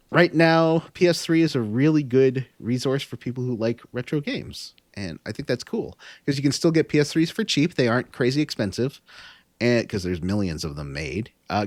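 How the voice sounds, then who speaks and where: A man's voice: medium pitch, a little mellow, no echo. A man hosting a casual gaming podcast, rambling and self-deprecating with lots of fillers. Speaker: podcast host.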